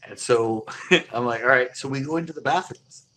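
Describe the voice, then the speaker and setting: A man's voice: medium pitch, moderate pace, a bit bright, a little hiss or hum. A man telling a long casual anecdote, rambling with many fillers and chuckling as he goes. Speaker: storyteller.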